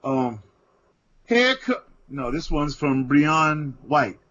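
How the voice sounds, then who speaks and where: Man giving playful podcast shout-outs. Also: on the high side, big pitch swings, very slow, highs cut off, crowd noise. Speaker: podcast co-host. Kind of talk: casual group chat.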